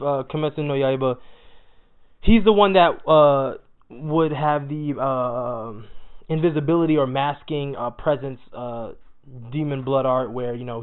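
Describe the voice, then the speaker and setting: A young man with a fairly high voice rattles through a manga chapter recap in loose slang, swearing as he goes. The audio is thin and tinny, like it came through a phone line. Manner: animated, slangy, swears freely. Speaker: anime manga reviewer. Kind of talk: casual profane chapter recap.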